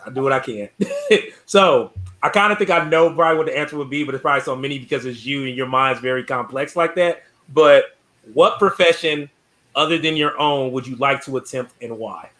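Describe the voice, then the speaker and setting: A man's voice: mid-range voice, a little fast, pushed and bright. A man, a military veteran, hosting a casual interview, hesitant and full of fillers.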